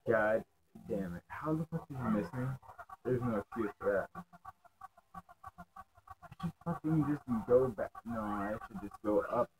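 A man's voice: medium pitch, expressive, measured pace, long pauses, low-quality recording. A young man casually commenting while playing a video game, cursing freely, mocking himself and snapping at enemies in frustration. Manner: profane, self-mocking, easily frustrated. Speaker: let's play gamer.

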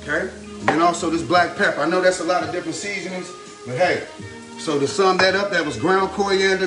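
Upbeat high-voiced man cooking in an echoey kitchen. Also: distant mic. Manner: upbeat and chatty, repeats a catchphrase, talks himself through the steps. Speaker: home cook hosting his own cooking channel. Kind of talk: casual cooking demonstration. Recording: roomy kitchen echo, mic set back, music underneath. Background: music and frying sizzle.

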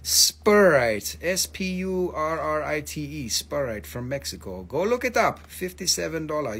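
A man's voice: a little high, big pitch swings, measured pace, few pauses, a bit bright, slightly rough. A man hosting a casual live stream that sells minerals, talking loosely and joking around, swearing now and then and spelling out stone names, on a phone mic.

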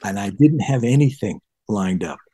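A middle-aged man from Detroit, a bassist guest in a casual interview, telling stories and acting out past dialogue. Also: normal speed, slightly rough. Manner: animated, acts out past dialogue in higher voice.

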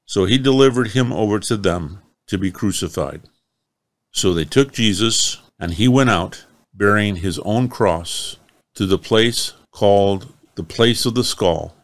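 Male scripture reader, solemn and unhurried, lowish voice, dry close recording. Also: no room sound. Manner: slow, measured, solemn. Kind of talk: Bible reading.

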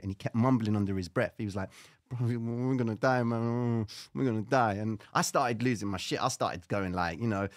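A man hosting a live stream, telling a dramatic personal story with lively slang. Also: on the low side, no room sound, studio quality. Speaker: trading show host.

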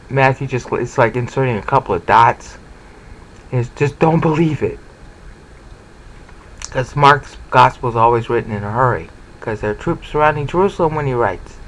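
A man teaching a lecture on scripture, animated, often repeating words and checking in with rhetorical questions. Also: medium pitch, slight background noise, low-quality recording. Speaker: Bible teacher.

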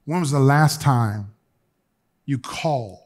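Taking it slowly, a bishop addresses his congregation in a mid-range male voice. His sermon weaves stories and colloquial asides, rising to loud, lively passages and dropping to quiet, hushed appeals.

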